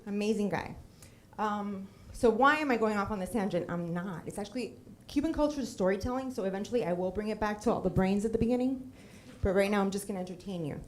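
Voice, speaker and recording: A middle-aged woman from Puerto Rico giving a personal storytelling talk with slides. She is humorous, lively and often drifts into tangents and acted quotes. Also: mid-range voice, quick pace, a little hiss or hum. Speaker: storytelling speaker on stage.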